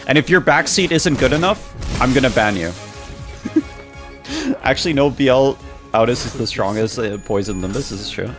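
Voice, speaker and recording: Young man streaming, mid pitch, joking chat banter, light music under. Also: sing-song, moderate pace. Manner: joking, reacting to chat, laughing often. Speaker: game streamer. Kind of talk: casual live-stream chat.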